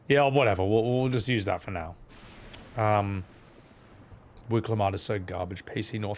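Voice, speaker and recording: A man's voice: lowish voice, moderate pace, long pauses. A man streaming a game and voicing its scenes, making sarcastic, joking asides. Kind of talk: gameplay commentary.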